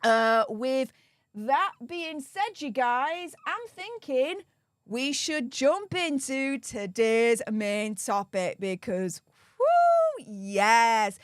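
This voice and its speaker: Young Yorkshire woman, high voice, chatty live streamer, dry close sound. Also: expressive, slow pace, no room sound. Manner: chatty and upbeat, thanking supporters by name. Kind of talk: casual live-stream chat.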